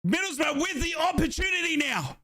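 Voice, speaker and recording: A young man from Australia giving excited, breathless live commentary on a football match as a fan streamer, shouting and chanting along. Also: extremely high pitch, a little fast.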